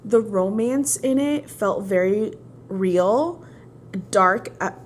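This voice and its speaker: A young woman chats about her reading in a relaxed, playful way, her voice at a middle pitch. She breaks into lively, excited bursts. A faint hiss sits under the recording. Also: takes it slowly. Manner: chatty, playful, animated bursts of enthusiasm. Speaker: book vlogger. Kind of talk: casual chat.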